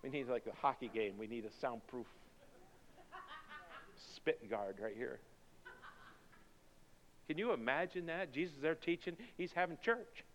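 A man's voice: mid-range voice, measured pace, pauses often, a bit bright. A male pastor preaching a sermon in a church, driving it with emphatic, repeated rhetorical questions. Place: church sanctuary. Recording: dull recording with long hall reverb.

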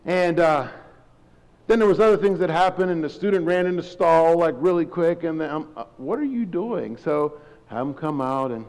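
A middle-aged man, a high school principal, giving an informal, rambling, self-deprecating sermon from a church stage. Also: moderate pace, a little mellow, smooth. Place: church sanctuary. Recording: long hall reverb.

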